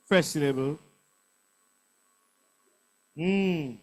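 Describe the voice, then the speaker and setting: An older man with a Nigerian accent teaching an exam revision class, calling out words and slowly drilling pronunciation and stress. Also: fairly high pitch, big pitch swings. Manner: drills answers by call and repeat, stresses syllables slowly.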